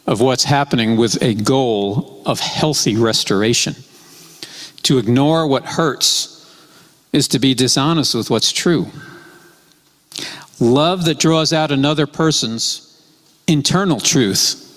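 Man, preacher, sermon, slow measured delivery, repeats key phrases, long hall reverb. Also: medium pitch, fairly bright tone.

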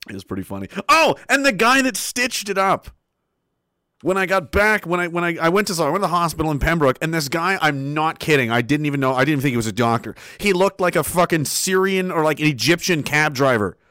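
A man's voice: fairly high pitch, animated, a little fast, bright, forceful tone, no echo, clean studio sound. A young man streaming, rambling through a casual story with profanity, frequent laughter and acted-out quotes.

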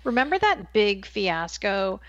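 A woman's voice: mid-range voice, very animated, a little slow, a bit bright, dry recording, lo-fi sound. Woman, podcast co-host, playful banter, casual chat, dry close recording. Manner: playful, teasing, joking.

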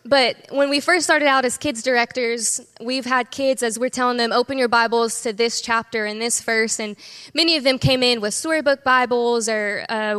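A woman's voice: a little high, fairly bright tone, clear, resonant tone. A woman, a kids ministry director, telling stories on a church stage into a stage microphone. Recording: long hall reverb.

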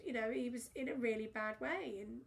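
Lively woman telling a story. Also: fairly high pitch, fairly quick, gravelly. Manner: animated anecdote teller, swears freely, acts out quotes. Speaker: podcast co-host. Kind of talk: casual chat.

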